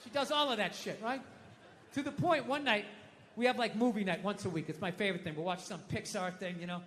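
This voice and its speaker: A male comedian performing a stand-up routine, mocking himself and swearing heavily. He drops to muttered asides and then rises to yelled outbursts. His voice is very high and bright, with a long hall reverb and a faint hiss behind it. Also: a little fast. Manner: self-mocking rants that swing between mumbled asides and yelled outbursts, heavy swearing. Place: theater stage before a live audience.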